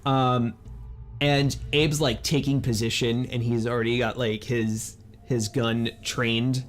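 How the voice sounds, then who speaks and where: A man running a tabletop game as game master, narrating in a halting way with many fillers. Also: mid-range voice, little pitch movement, soft background music. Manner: halting, full of fillers and restarts.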